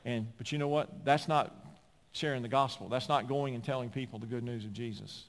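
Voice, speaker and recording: A man preaching a sermon as a pastor, animated and climbing at times to near-shouting. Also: mid-range voice, fairly quick. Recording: long hall reverb.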